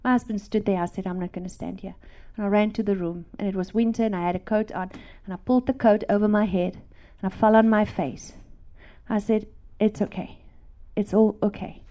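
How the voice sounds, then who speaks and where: A woman giving an emotional Christian testimony, repeating words for emphasis and often dropping to a hushed whisper. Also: mid-range voice, steady tone, brisk. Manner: drops to hushed whispers, then rises to emphatic repetition.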